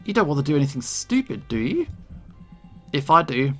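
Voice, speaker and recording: A man's voice: a little high, sing-song, normal speed, soft background music. A man reading out the lines of a smug, scheming male bully in a game, in a mocking, gloating manner. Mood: threatening. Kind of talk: reading game dialogue aloud.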